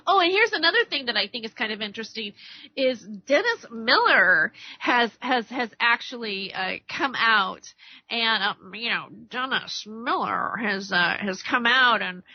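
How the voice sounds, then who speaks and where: High-voiced woman ranting on radio. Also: animated, measured pace. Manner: rambling, stammering, heated; acts out arguments by quoting others. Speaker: radio talk show host. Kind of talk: political rant monologue. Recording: dry, dull lo-fi radio recording.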